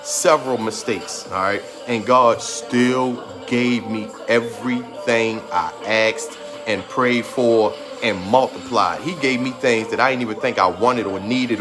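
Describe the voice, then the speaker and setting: A man's voice: medium pitch, unhurried, hardly any pauses. A man in his thirties giving an emphatic, repetitive motivational talk and holding back tears. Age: 30s. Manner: trying to hold back tears. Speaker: motivational speaker. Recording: music playing behind the voice. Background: music.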